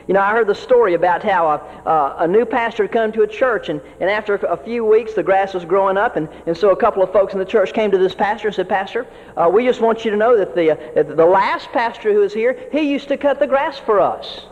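A man's voice: high-pitched, a little fast. A man preaching as a pastor, earnest and folksy, often repeating words as he builds each point. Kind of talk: sermon to fellow ministers. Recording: dull audio with long hall reverb.

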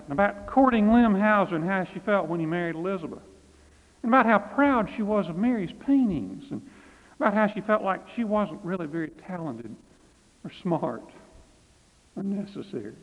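A man, a pastor, telling a story in a folksy, animated way. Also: high voice, moderate pace. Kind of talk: storytelling narration. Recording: phone-like reverberant recording.

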